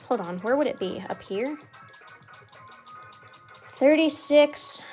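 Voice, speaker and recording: A young woman chatting casually over gameplay, rambling with lots of "like" and swearing freely, with loud outbursts when the game goes wrong. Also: high voice, expressive, takes it slowly, soft background music. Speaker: gaming streamer.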